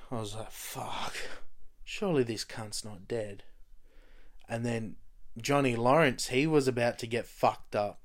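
A man casually recapping a TV show, rambling and swearing, full of fillers like "you know" and "like.". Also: mid-range voice. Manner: profane, rambling, heavy on fillers. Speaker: TV show fan recapping episodes.

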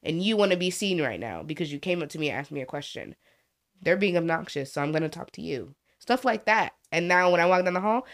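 Animated young woman telling school stories. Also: low-pitched, fairly quick. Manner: animated, acts out kids' voices, swears freely. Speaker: podcast co-host, school staff. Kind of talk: casual storytelling chat.

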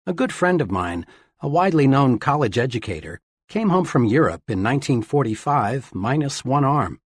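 A man giving a steady, earnest reading of scripted self-help narration, in the manner of an audiobook narrator. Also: medium pitch, normal speed, husky, no room sound, studio quality.

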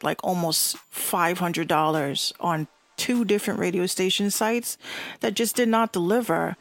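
A woman's voice: on the low side, dry recording. A woman with a Bronx accent hosting an online radio show, ranting bluntly and profanely in casual talk.

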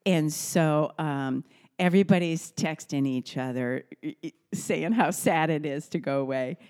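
A middle-aged woman in casual conversation at a kitchen table, telling family stories in a chatty way and acting out quoted lines. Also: a little slow. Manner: warm, chatty storyteller who acts out quotes in a high voice. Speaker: host. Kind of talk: casual storytelling.

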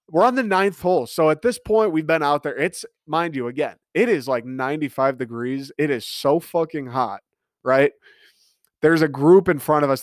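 A man's voice: fairly high pitch, no echo, studio quality. A man telling a story in a casual comedic rant, exasperated and swearing freely as he talks.

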